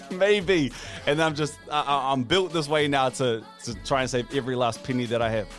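A man's voice: mid-range voice, moderate pace, fairly bright tone, soft background music. A man hosting a podcast, telling stories in a laid-back, joking way. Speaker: podcast host. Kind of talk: casual chat.

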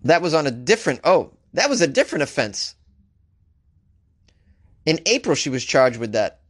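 A man hosting a solo comedy podcast, joking his way through odd news stories with lively asides. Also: a little high, normal speed, no room sound. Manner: animated, joking, reads news aloud with asides. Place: home studio, Los Angeles.

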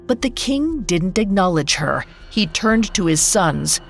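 A woman telling a fairy tale as a scripted podcast narration, measured and unhurried. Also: on the low side, big pitch swings, creaky, faint music behind. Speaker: storyteller.

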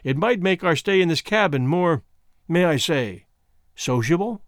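A man's voice: a little high, dry recording, studio quality. Man reading as a coolly ironic husband. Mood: dry. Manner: calm, measured, dryly polite. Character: calm, ironic abandoned husband. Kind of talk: audiobook reading.

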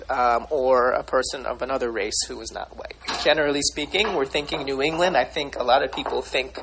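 A man's voice: medium pitch, fairly bright tone, a little hiss or hum, low-quality recording. A man hosting a casual discussion, rambling in long clauses as he thinks aloud.

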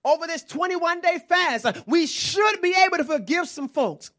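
A man's voice: very high voice, expressive, normal speed, a bit bright. A man preaching a sermon with passion, calling out to the congregation.

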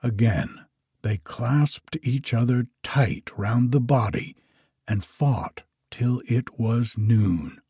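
A man narrating a fairy tale in a slow, measured, expressive storybook reading. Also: medium pitch, breathy edge, no room sound, studio quality.

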